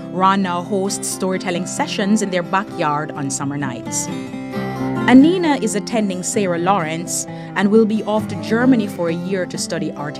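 A woman host reading a calm, scripted epilogue. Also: mid-range voice. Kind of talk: scripted narration. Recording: narration over guitar music.

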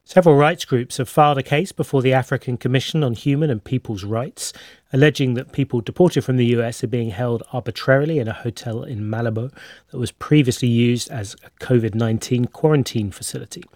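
A man presenting a radio news programme, introducing stories and a guest with clear, brisk scripted delivery. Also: medium pitch, darkish tone, no room sound, clean studio sound.

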